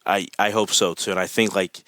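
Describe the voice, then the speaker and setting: A man's voice: low-pitched, fairly even intonation, fairly quick, bright, forceful tone, no room sound. A man talking as a podcast guest in casual chat, enthusiastic and rambling, with lots of fillers.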